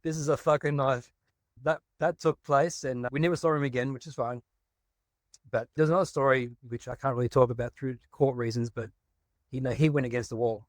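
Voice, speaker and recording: A man's voice: medium pitch, fairly even intonation, a little fast, no echo. An Australian man hosts a podcast in an easygoing, chatty way, with a mid-range voice. When he tells a story he gets blunt and swears freely. The sound is dry and close-miked. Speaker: podcast host. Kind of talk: casual interview chat.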